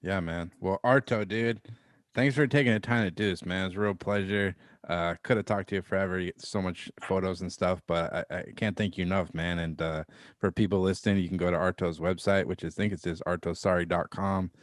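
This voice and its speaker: A man's voice: low voice, steady tone, brisk, no echo, clean studio sound. A man hosting a podcast, chatting casually and reacting in a laid-back, slangy way. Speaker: podcast host. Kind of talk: casual interview chat.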